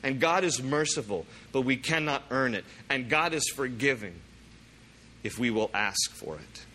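A male pastor delivers a sermon in a bright, forceful voice of ordinary pitch. He leans hard on key words and slows right down when he reads scripture aloud. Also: animated, slight background noise. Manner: emphatic, slowing down to read scripture aloud.

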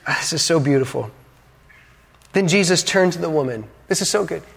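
A man, a pastor, preaching a sermon with dramatic pauses, acting out the quotes and adding joking asides to the congregation. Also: fairly high pitch, creaky, slightly rough. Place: church hall. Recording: long reverb of a large hall.

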